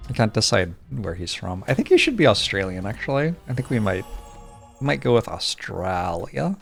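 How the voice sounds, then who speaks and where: A streamer giving casual gameplay commentary, with dry, joking asides. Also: male voice, on the low side, big pitch swings, normal speed, creaky, faint music behind.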